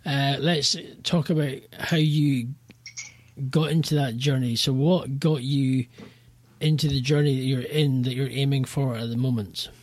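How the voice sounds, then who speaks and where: Husky-voiced male podcast host. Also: medium pitch, steady tone, darkish tone. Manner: rambling, halting questions. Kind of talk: casual interview.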